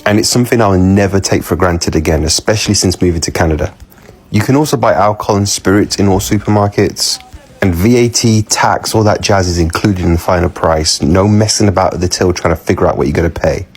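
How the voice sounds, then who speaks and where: A man from the United Kingdom, talking casually to camera in a relaxed, wistful way. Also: sits low, fairly quick, slightly rough. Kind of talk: casual vlog talk.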